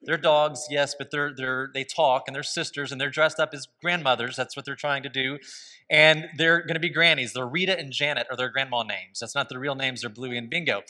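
A man's voice: medium pitch, a little fast, pushed and bright. A man preaching a sermon as pastor, telling stories with a conversational, humorous manner.

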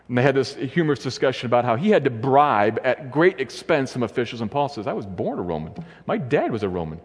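A man preaching a sermon and retelling a story. He acts out the quoted voices by shifting his pitch. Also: big pitch swings, fast, breathy edge. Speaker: pastor. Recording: long hall reverb.

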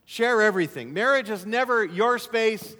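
High-voiced man preaching in a reverberant hall. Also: animated, moderate pace. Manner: emphatic preaching, repeats key phrases, drops to soft asides. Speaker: pastor. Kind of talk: sermon.

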